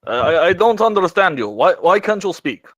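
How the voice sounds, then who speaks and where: A man voicing a flustered, confused male adventurer who talks in a high, fretful voice. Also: big pitch swings, normal speed, a bit bright, slight background noise. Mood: bewildered.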